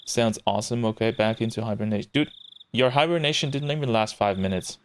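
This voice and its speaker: A man from Germany streaming a visual novel, rambling to chat and reading the game text aloud. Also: fairly quick. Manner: rambling and chatty, answering chat, with excited jumps in pitch.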